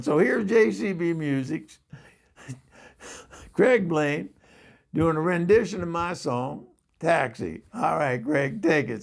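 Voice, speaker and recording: A man's voice: a little high, gravelly. A man hosting a show, telling a funny story in a casual way and often laughing through it. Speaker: show host.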